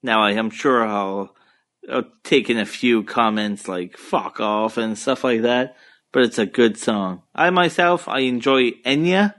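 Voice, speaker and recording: Here the young man's voice is mid-range, a little slow and fairly bright, with an Acadian French accent from Moncton, New Brunswick, eastern Canada. He hosts his solo podcast from the couch at home, loose, crude, rambling and full of profanity.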